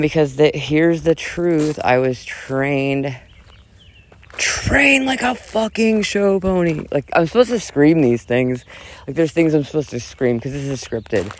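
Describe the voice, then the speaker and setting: A man reading a dramatic, profane rant and breaking off into casual asides, switching between loud mock yelling and quieter talk. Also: medium pitch, moderate pace.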